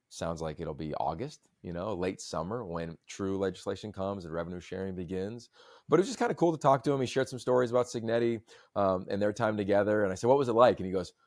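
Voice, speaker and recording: Male podcast host, low-pitched, dry recording, long-winded storyteller. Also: a little mellow, dry recording. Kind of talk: casual chat.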